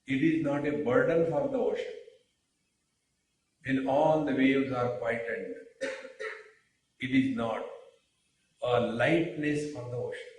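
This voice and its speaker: A man giving a spiritual discourse, speaking deliberately with rhetorical questions and pauses. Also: mid-range voice. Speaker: spiritual teacher. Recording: very echoey room, mic far off.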